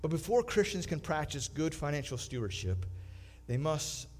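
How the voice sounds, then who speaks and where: A pastor, preaching a sermon in a conversational manner with emphatic swells. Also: male voice, on the high side, big pitch swings, normal speed, darkish tone.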